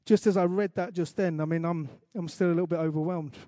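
Man, pastor, sermon, earnest, slow emphatic recitation, warm tone, dry sound. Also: on the high side, steady tone, no echo.

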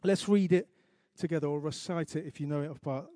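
A man preaching a sermon, earnest, reciting scripture slowly and emphatically, with light asides to the congregation. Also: a little high, dark tone, no echo, studio quality. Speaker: pastor.

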